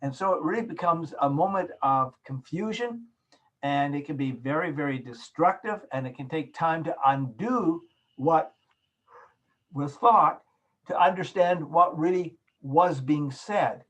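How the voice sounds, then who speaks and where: A man lecturing a class over a video call, his voice a touch husky and sitting a little high for a man. He explains patiently, leaning on everyday examples to make each point land. The sound has the plain quality of a call microphone. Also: unhurried, a bit bright, low-quality recording. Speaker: course instructor.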